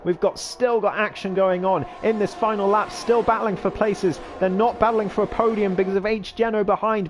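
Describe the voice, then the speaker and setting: High-voiced excitable race commentator man. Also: a little hiss or hum. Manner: rapid excitable race-calling. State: losing his voice. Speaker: sim racing commentator.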